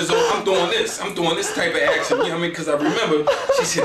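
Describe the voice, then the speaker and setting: A high-voiced Philadelphia comedian talks fast with hardly any pauses and fairly even intonation, delivering a comedic storytelling monologue. He's slangy, boastful and rambling, constantly saying "you know what I'm saying." The mic is distant and echoey, with faint noise.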